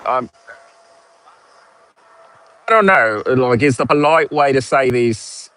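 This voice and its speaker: A man's voice: mid-range voice, expressive, takes it slowly, pauses often, pushed and bright. A man in his forties with a posh British accent, telling a sarcastic story in a casual vlog monologue. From United States. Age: 40s. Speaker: vlogger.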